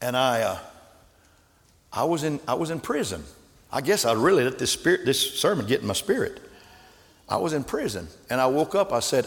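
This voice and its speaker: Fiery preacher in an echoing church. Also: male voice, medium pitch, big pitch swings, brisk. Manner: swings from hushed storytelling to shouted preaching. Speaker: pastor. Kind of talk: sermon. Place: large church hall. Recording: echoey church hall with congregation. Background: congregation.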